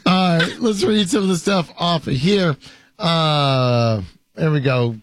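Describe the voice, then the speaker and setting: A man's voice: on the high side, takes it slowly, a bit bright, no room sound. A man hosting a show, reading viewer comments in casual banter, hesitant with many fillers and playfully pompous. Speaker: host.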